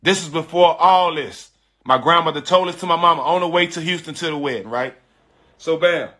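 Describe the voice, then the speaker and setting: A man with a fairly high, bright, forceful voice tells a story to his viewers in a loose, slangy way. He talks emphatically and frankly, circling back to repeat his key lines. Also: fairly quick. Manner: animated and emphatic, repeating phrases, addressing listeners as "dog" and "bro"; frank and confessional, with slangy speech. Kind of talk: casual storytelling to an online audience.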